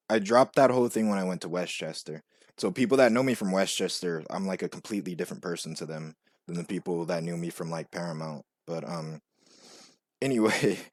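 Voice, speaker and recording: Low-voiced young man, rambling storyteller. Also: no room sound, clean studio sound. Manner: rambling, filler-heavy with frequent "like" and "you know"; acts out quoted voices in a much higher pitch. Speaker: vlogger. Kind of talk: casual storytelling monologue.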